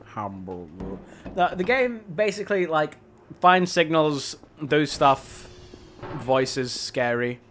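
A man's voice: on the high side, slow pace, a bit bright, slight background noise. A young man, chatting in laid-back banter while gaming. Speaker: gamer. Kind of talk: casual chat while gaming.

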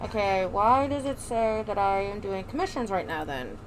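A woman's voice: medium pitch, normal speed. A woman streaming a video game in casual commentary, playful and swearing, slipping into a mock pirate way of talking. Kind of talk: casual let's-play commentary. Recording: streaming mic with steady noise.

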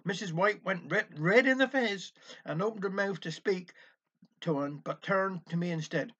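Brief: man, high voice, folksy dialect storytelling, dull lo-fi recording. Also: expressive, measured pace, pushed and bright, husky. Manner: chatty folksy narration with old sayings.

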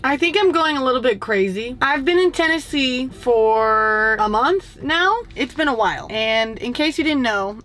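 A young woman in her early twenties talks to the camera, rambling and frustrated as she thinks out loud. Her voice sits a little high, and her speech is full of filler words. The tone is casual and confessional. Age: 20s. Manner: many filler likes. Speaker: vlogger. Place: indoors at home, doing makeup.

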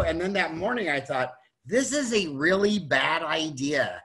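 A man's voice: a little high, animated, measured pace, bright, forceful tone. A man hosting a podcast interview, rambling casually and restarting his sentences often. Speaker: podcast host.

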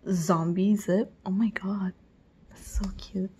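A woman vlogging an unboxing, gushing with excitement and often dropping into breathy whispered exclamations. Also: mid-range voice, slow pace. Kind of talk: unboxing video.

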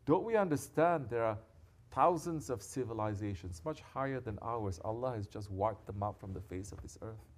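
A man giving a sermon as a sheikh, who moves between quiet, intimate reflection and loud, scolding exhortation and drops Arabic devotional phrases into his talk. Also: fairly low pitch, lively intonation, moderate pace.

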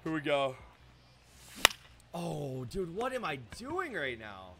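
A high, lively young man talks over his game into a desk mic, his pitch leaping all over as he cheers and groans. He is excitable and hard on himself, breaking into shouts, with clear game noise behind him. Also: slow pace. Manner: self-deprecating, hard on himself. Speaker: gaming YouTuber. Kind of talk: live gameplay commentary.

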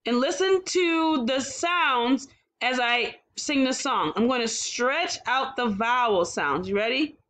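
Slow, clear kindergarten teacher woman. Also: sits high, lively intonation, fairly bright tone. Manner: sounds out words slowly, cheerful praise. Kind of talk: slow, clear phonics lesson for young children.

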